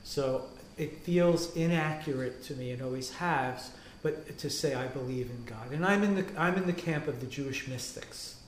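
A rabbi, a man, talking on a panel in an animated way and acting out the quotes he tells. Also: mid-range voice, normal speed, hardly any pauses, a little hiss or hum. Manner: animated storytelling, acts out quotes. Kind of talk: panel discussion talk. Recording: roomy echo.

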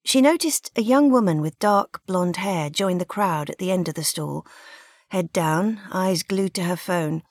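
Recorded at studio quality with no echo, a fairly low-pitched female narrator reads a scripted audiobook. Her storytelling is steady and measured.

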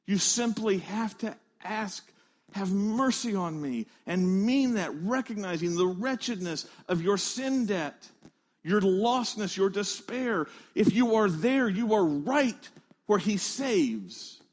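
A male pastor delivers a sermon in an earnest, emphatic way. His voice sits fairly high and he takes his time, stressing phrase after phrase. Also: expressive, slow.

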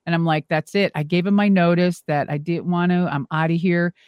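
A middle-aged woman, a former wrestler and monster truck driver, telling animated stories as a guest and swearing freely. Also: lowish voice, a little fast, smooth, no room sound, muffled recording. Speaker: interview guest. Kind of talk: casual storytelling.

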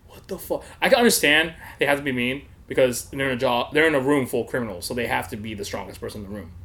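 Profane, animated young man telling a story. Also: mid-range voice, racing. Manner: animated, laughing, profane, acts out quotes. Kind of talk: casual storytelling.

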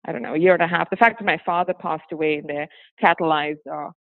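Woman guest from Singapore, hybrid accent with a touch of British, lively and chatty, dry tinny phone-like sound. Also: low voice, fast talker, dry recording. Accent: hybrid with a hint of British. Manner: animated, laughs often, breaks into acted quotes. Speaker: interview guest, former teacher. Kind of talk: casual interview conversation.

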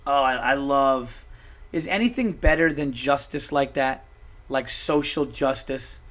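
A man hosting a solo podcast, telling stories in an animated, profane, worked-up way. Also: mid-range voice, measured pace. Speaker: podcast host. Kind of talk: casual solo podcast storytelling.

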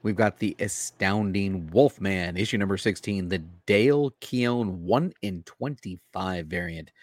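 A man's voice: low-pitched, a little slow, no room sound. A man co-hosting a live stream, upbeat as he welcomes viewers and runs through listings. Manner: upbeat, reads collectible listings. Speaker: co-host. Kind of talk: casual live-stream chat.

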